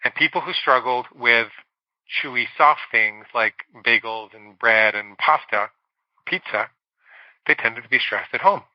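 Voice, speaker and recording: A middle-aged man, a psychologist guest on a podcast, telling a candid personal story and slowing down on words he wants to stress. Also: mid-range voice, no echo, dull audio. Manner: candid, confessional storytelling with slow emphatic stretches.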